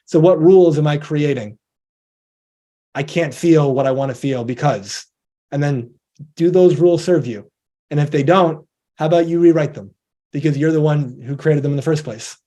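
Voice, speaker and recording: A man's voice: on the high side, moderate pace, dark tone. A man giving a motivational talk in a conversational, earnest way, who acts out the voices of people he quotes. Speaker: investor education presenter.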